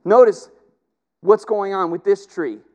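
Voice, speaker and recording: A middle-aged man preaching a sermon with passion, rising to loud emphatic peaks and dropping to quiet, intimate stretches. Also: mid-range voice, normal speed, dull audio. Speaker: pastor.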